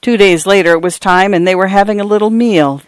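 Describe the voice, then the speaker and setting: A man narrating a literary short story in a measured reading voice. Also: high-pitched, clean tone, no room sound. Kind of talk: audiobook narration.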